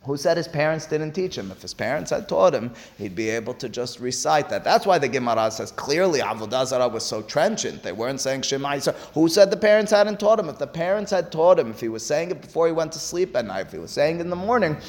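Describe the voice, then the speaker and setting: Animated man teaching a Talmud lesson. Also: medium pitch, fast, few pauses. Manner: animated, rising to emphatic pleas; switches between Hebrew-Aramaic text and English explanation.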